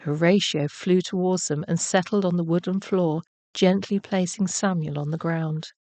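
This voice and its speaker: A woman narrating a children's bedtime story in a gentle, measured way. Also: on the low side, steady tone, no echo.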